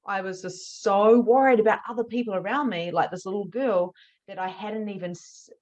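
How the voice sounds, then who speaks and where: A woman, a spiritual mediumship teacher telling a candid story to camera, animated and swearing freely. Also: medium pitch, moderate pace, highs cut off. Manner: animated, swears freely, acts out her own past reactions.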